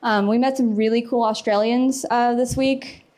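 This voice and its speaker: Brief: young woman, slightly high voice, casual chatty conference speaker, laughs easily. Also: steady tone, normal speed, a little mellow. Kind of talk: conference talk. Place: conference hall.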